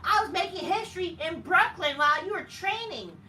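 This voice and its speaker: A man's voice: extremely high pitch, expressive, fairly quick, sharp tone, slight background noise, voice pushed up, full character voice. A man doing an exaggerated, mocking impression of a brash, boastful woman wrestler in a sassy drawl. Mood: taunting. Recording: roomy echo, distant mic.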